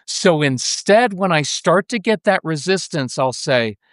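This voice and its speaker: Animated middle-aged man on a podcast. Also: a little high, unhurried, no room sound, clean studio sound. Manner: animated, acts out parent and child dialogue. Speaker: podcast guest, parenting coach. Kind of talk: casual interview conversation.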